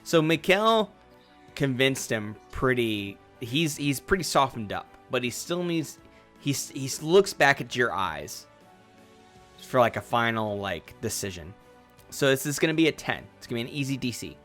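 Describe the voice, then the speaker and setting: A man's voice: mid-range voice, sing-song, normal speed, a bit bright, soft background music. A man running a tabletop game as game master, casual and chatty. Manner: casual, chatty, many fillers.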